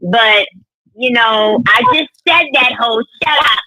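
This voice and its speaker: A woman on a podcast panel, talking in a brash, profane, animated way. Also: on the high side, slow pace, low-quality recording. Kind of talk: casual podcast chat.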